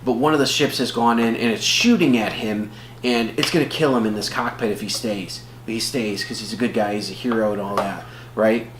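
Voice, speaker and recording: A man's voice: on the low side, a little fast. A man co-hosting a casual movie review podcast, rambling along with lots of fillers and restarts. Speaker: podcast co-host. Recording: roomy echo with faint hum.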